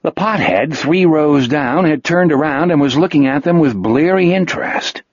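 Husky, lively male audiobook narrator. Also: fairly high pitch, moderate pace, no echo. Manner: expressive, vivid storytelling. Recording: dull lo-fi dry recording.

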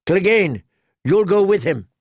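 A man voicing a small, sharp-tongued nobleman who gives orders. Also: high voice, expressive, unhurried, no echo, pitched above the performer's own voice, full character voice. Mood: commanding.

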